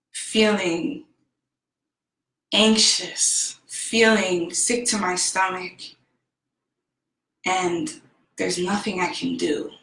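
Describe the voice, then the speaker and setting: A woman telling a personal story in an unhurried, heartfelt way. Her voice is bright and forceful, and the room around her rings with echo. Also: on the low side. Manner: slow, heartfelt and emphatic. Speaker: self-help vlogger.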